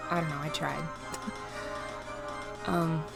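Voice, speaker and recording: A woman vlogging unscripted while grieving, near tears, pleading and halting with restarts. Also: deep voice, level tone, vocal fry, loud music behind the voice. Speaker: streamer and vlogger. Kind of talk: unscripted emotional vlog.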